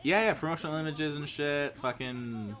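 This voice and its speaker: A man's voice: a little high, moderate pace, fairly bright tone. A man co-hosting a casual movie riffing show, cursing freely and cracking jokes. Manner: profane, joking, breaks into laughter. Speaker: podcast co-host.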